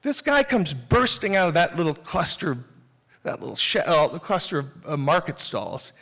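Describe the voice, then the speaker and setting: A man shares an unscripted, personal story onstage for a live theater crowd, candid and poking fun at himself. His fairly high, bright voice swings widely in pitch at a moderate pace, and his loose talk circles back and restarts.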